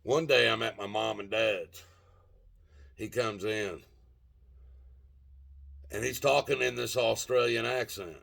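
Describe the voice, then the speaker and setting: Older male vlogger, slightly low voice, loose cussing storyteller who keeps losing his train of thought. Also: takes it slowly, gravelly, pauses often, a bit bright. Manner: rambling, profane, gropes for words with many fillers. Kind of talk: casual storytelling monologue.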